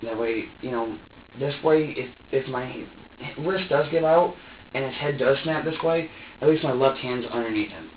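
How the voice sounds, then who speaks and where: This man, at a normal speed and medium pitch, is being interrogated by police and gives detectives a rambling account, circling back over the same details and voicing his own words as he acts them out. Captured from afar by a room camera, the recording is echoey and dull, with a little background noise.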